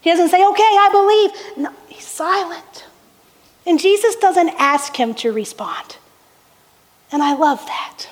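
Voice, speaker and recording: A woman with a very high voice delivers an unhurried sermon, lingering over each phrase. She tells the story through rhetorical questions and small laughs. Her voice rings out with a long hall reverb. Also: animated. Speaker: pastor.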